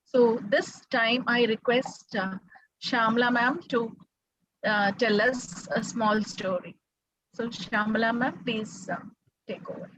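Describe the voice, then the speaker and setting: A woman hosting an online book show, introducing speakers in a halting way with many pauses. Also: a little high, fairly even intonation, a bit bright, slight background noise, low-quality recording. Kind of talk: casual introduction.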